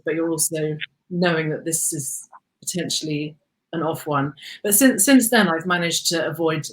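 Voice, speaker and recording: A woman speaks reflectively about her own experiences, her lowish voice filled with soft pauses and fillers. Her talk is candid and unhurried. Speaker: co-host. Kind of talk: candid personal conversation.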